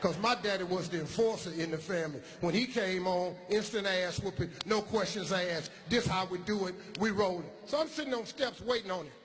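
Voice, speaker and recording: A man doing stand-up comedy, telling a childhood story in a profane, animated way and acting out the people in it. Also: sits high, a little fast, few pauses, in a large hall. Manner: profane, animated, acts out characters.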